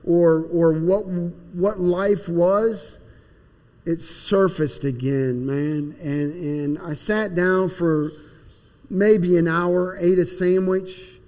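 Man, earnest plainspoken testimony, somewhat high voice, long reverberant hall. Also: steady tone, extremely slow, mellow. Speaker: speaker giving personal testimony. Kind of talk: personal testimony storytelling.

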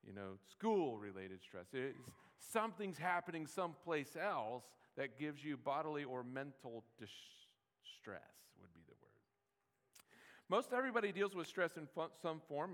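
A man's voice: mid-range voice, fairly bright tone. A man giving a sermon as pastor, in a conversational, easygoing way with restarts and joking asides. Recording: long hall reverb.

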